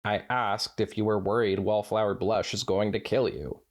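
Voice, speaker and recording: A man's voice: fairly low pitch, fairly even intonation, moderate pace, close to an everyday voice. A man voicing a blunt, brash tomboy teenage girl in a fan fiction read-aloud, matter-of-fact.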